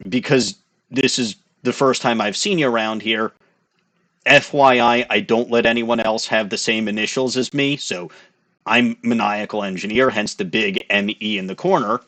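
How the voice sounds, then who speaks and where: A man's voice: mid-range voice, fairly even intonation, moderate pace, sharp tone. A man hosting a game playthrough, chatting casually with self-deprecating asides. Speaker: let's-play host.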